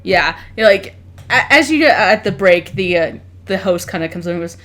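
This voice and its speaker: A woman's voice: medium pitch, lively intonation, moderate pace, fairly bright tone. A woman narrating as dungeon master, describing what the characters do. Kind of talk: narrating a tabletop game.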